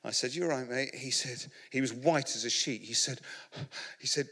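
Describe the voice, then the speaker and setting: A British preacher tells stories in a rambling, self-mocking sermon full of restarts. His voice sits at an ordinary middle pitch. Long reverb from a big hall trails behind every phrase. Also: brisk, pushed and bright, breathy edge. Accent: British English. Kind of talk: humorous sermon storytelling.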